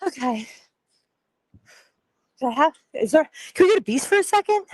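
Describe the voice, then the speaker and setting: A woman's voice: high voice, very animated, normal speed, dry recording, rough recording. A woman calling in live from a rainy city street, self-conscious and hesitant, laughing nervously. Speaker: contestant on a live show. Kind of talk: live phone call from the street.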